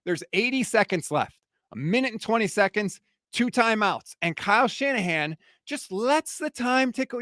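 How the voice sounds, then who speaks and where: A man with a notably high-pitched voice tears into a post-game reaction as a fired-up sports podcast host. He rants with heat and exasperation, and the sound is close and dry with almost no room around it. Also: lively intonation, moderate pace, bright, forceful tone, dry recording. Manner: fired-up, heated ranting.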